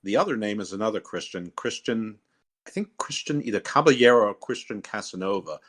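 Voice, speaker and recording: A man's voice: on the low side, lively intonation, a little fast, a bit bright. A man hosting a casual podcast, talking loosely with lots of fillers and restarts. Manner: rambling, many fillers and restarts. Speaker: podcast host. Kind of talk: casual wrestling podcast chat.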